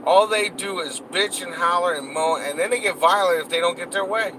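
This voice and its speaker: A man's voice: high voice, fairly quick. Cursing man ranting over traffic noise. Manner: heated, cursing, repetitive. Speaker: political vlogger. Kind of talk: angry profane rant.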